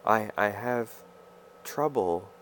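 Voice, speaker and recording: A man talking straight to his viewers in a rambling personal monologue, halting and stammering as he searches for his words. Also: on the low side, fairly bright tone, slight background noise.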